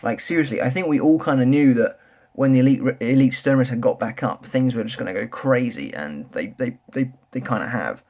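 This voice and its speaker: A young man reviewing a manga chapter in a casual, rambling, excitable way, full of restarts and filler words. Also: mid-range voice, a little fast. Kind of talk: casual solo review chat.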